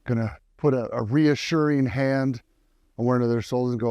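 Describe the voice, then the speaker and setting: Gravelly playful man at a game table. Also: mid-range voice, steady tone, moderate pace, no room sound, dull audio. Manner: playful, punning. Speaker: player.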